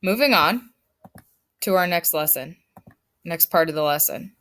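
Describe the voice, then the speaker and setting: A woman's voice: on the low side, expressive, a little slow, a bit bright. A woman teaching her fifth grade class in a recorded lesson, firm and emphatic as she explains step by step.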